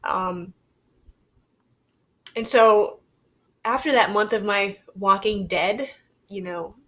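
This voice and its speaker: A young woman vlogging to camera, talking in a halting, reflective and candid way, swearing casually. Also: mid-range voice. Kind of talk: personal confessional vlog.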